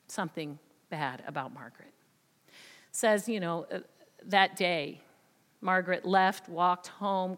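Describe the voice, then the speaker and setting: A woman preaching a sermon through a story, swinging dramatically in loudness and often dropping to a whisper. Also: on the low side. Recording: long hall reverb.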